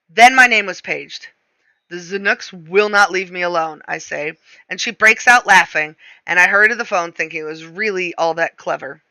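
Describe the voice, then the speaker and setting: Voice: medium pitch, sharp tone, no echo. A reader narrating a novel aloud in the first person, with a wry, self-mocking delivery.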